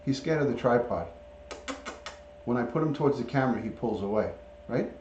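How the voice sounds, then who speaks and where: A man with an animated, slightly mellow, medium-pitched voice talks fairly quickly while hosting a casual livestream. He coaxes his pet in baby talk and welcomes viewers by name. Captured on a device or camera mic rather than a clip-on, the audio is roomy, dull and lo-fi with slight background noise.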